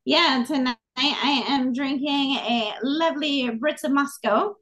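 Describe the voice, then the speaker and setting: A woman's voice: sits high, takes it slowly. A middle-aged woman co-hosting a casual podcast over a video call, a little tired, chatting with laughs and many fillers. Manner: warm, laughing, rambling with fillers. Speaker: podcast co-host. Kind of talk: casual chat over beer.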